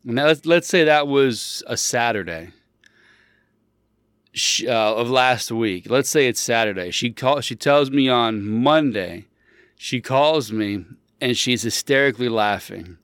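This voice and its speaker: A man of middling pitch hosts a casual show and tells a long, rambling story. He stops to fix his own words and gets emphatic when he makes his point. The recording is dry, with no room sound. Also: a little slow, clear, resonant tone, dry recording. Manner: rambling, self-correcting; animated, emphatic when riled up.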